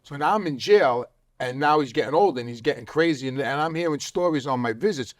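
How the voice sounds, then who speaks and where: A man's voice: medium pitch, expressive, a little fast, dry recording, studio quality. A middle-aged man, chatting plainly as a podcast guest and repeating phrases to make his point. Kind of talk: casual chat in a podcast interview.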